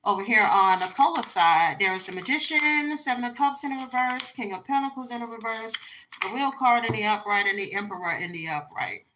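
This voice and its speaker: A woman's voice: fairly high pitch, brisk, background noise. A woman, chatting bluntly and casually through a tarot reading for her viewers. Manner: chatty, blunt, frequent fillers. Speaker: tarot reader.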